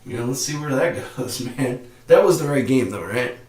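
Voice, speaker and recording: Excitable man chatting on a podcast stream. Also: mid-range voice, moderate pace. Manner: excitable, laughing, slangy. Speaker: podcast host. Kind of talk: casual live-stream sports chat. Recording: roomy echo.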